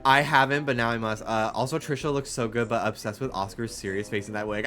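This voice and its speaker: A man's voice: mid-range voice, fast, hardly any pauses. A young man with a faint New York accent, a streamer chatting casually and rambling with his live chat, full of fillers. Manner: rambling, animated, frequent fillers.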